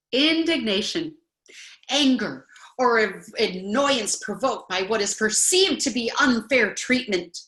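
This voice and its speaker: A woman teaching a spoken self-help class in an earnest, coaching manner, now and then acting out indignant voices. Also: fairly bright tone. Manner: earnest, acts out indignant voices with rising pitch.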